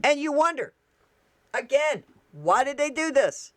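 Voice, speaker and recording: A woman's voice: high voice, big pitch swings, a little slow, fairly bright tone, no echo. A woman vlogging political commentary, reading excerpts aloud and reacting, heated and indignant, repeating lines for emphasis.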